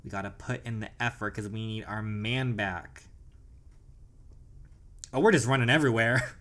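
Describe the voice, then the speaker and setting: A chatty host reacts as they play through a romance story game. The talk is gushing and excitable, full of delighted reactions to the story. The pitch sits in the middle. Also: moderate pace. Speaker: gaming channel host. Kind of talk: story game playthrough commentary.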